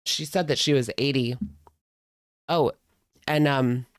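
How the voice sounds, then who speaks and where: A man's voice: medium pitch, slow, clear, resonant tone, no echo, clean studio sound. A man in his thirties telling a rambling, amused story in a casual chat with a live audience, with lots of fillers. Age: 30s. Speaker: host.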